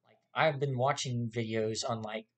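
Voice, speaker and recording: A vlogger ranting to camera with a lot of swearing. The talk rambles with fillers and restarts, and the pitch jumps up sharply when angry. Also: steady tone, moderate pace, fairly bright tone. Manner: profane, heated ranting.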